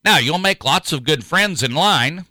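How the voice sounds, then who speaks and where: A man's voice: fairly high pitch, animated, a little slow, bright, forceful tone, no echo, poor audio. A man hosting a radio talk show, talking in a folksy, rambling way.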